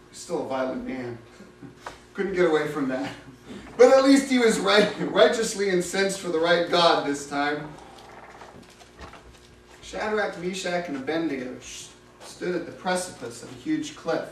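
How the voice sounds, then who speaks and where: Animated man preaching a story sermon. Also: a little high, unhurried, pauses often. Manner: dramatic, animated retelling. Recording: echoey room, distant mic, faint hiss.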